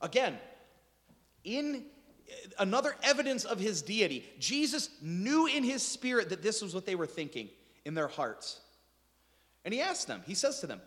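A male pastor preaching to his congregation with a high, lively voice that leaps up and down as he acts out the lines. He jokes between points, and his words ring out with a long echo through the church hall. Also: moderate pace, pauses often. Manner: animated, joking asides, acts out quotes. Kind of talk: sermon. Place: church sanctuary. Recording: reverberant hall.

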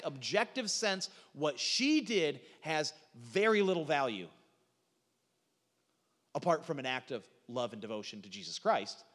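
A man's voice: high-pitched, a bit bright, big-room sound. A man preaching a sermon, earnest and searching, stumbling over restarts and lifting his voice when he quotes scripture. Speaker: pastor.

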